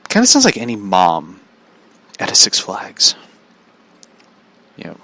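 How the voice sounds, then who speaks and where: Low-ish guy rambling on his podcast, bright tone, lots of "like", bouncy up and down. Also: huge pitch swings. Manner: rambling, halting, full of "like" fillers and chuckles. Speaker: podcast host. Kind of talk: casual chat.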